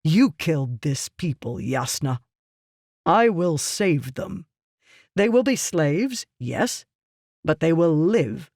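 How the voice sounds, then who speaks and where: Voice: medium pitch, sing-song, slow, a little mellow, no echo, studio quality, exaggerated voice. A reader doing a ruthless, scheming merchant. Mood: lecturing. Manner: curt, lecturing, condescending. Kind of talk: audiobook character reading.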